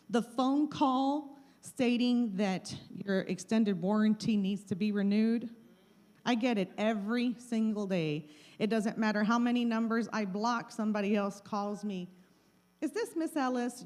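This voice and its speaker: A woman's voice: mid-range voice, darkish tone. A middle-aged woman giving a live talk on scams to an audience, with plain, repeated warnings, speaking into a handheld mic in a meeting room. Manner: plain, repetitive warnings, acts out scam calls. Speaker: presenter of a scam-awareness talk.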